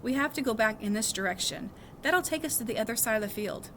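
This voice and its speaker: Storybook kid, woman reading a steady brave boy, laid-back, bright. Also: on the high side, fast talker, slight background noise. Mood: calm. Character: calm sturdy schoolboy, brave and steady.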